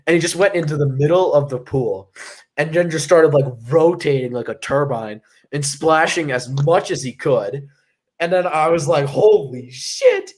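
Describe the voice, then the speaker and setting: A man's voice: mid-range voice, a little mellow. A young man co-hosting a casual show and telling a long story to a live chat. His talk is rambling and profane, full of fillers and restarts. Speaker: podcast co-host.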